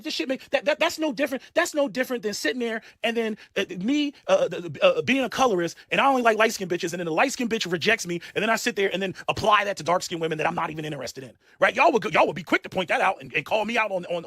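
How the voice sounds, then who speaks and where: A man rants fast in heated commentary, tripping over repeated words and swearing freely. His voice sits a little high and rises sharply when he is incredulous. The sound is dry and close. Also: expressive, dry recording. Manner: profane, repeats and stumbles, rising to shouts of disbelief. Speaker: host.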